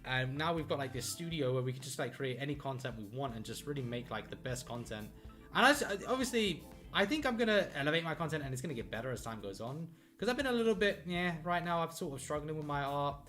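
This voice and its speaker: A man's voice: fairly high pitch, big pitch swings, quick pace, bright, forceful tone, soft background music. A man chatting casually on a live stream while he draws, rambling and upbeat, often running himself down, with lots of fillers, from his home art studio. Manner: rambling, upbeat, self-deprecating, with many fillers. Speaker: artist live-streaming a drawing.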